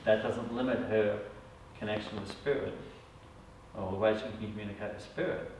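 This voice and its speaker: At normal speed, an Australian psychic medium talks with a small group in a lowish, steady, slightly mellow voice, checking in often with "all right?". The mic sits far away in an echoey room, picking up a little hiss or hum.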